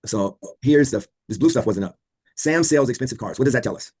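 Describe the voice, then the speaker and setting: A man lectures a law class over a video call, talking quickly in a somewhat husky voice. He quizzes his students and repeats the key points again and again. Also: medium pitch, lively intonation, a little mellow. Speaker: law instructor.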